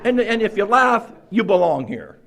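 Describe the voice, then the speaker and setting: A man with a fairly high voice stands up at a recovery meeting and tells his own story. He is wry and self-mocking, laughing often as he talks in a meeting room. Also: very animated, moderate pace, creaky, a bit bright. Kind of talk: humorous personal recovery story.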